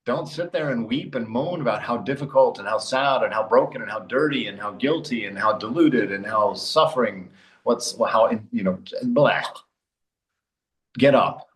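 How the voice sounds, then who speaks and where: A man teaching spiritual commentary, exhorting his listeners forcefully and laughing between points. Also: mid-range voice. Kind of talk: spoken religious commentary. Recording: roomy echo.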